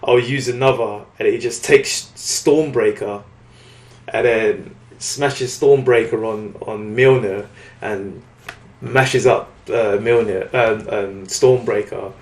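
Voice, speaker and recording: A British man recapping a comic book in casual chat, with lots of fillers, restarts and quick acted-out quotes. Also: fairly low pitch, steady tone, echoey room. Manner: rambling recap with many fillers and restarts, acting out lines in quotes. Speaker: podcast co-host reviewing comics.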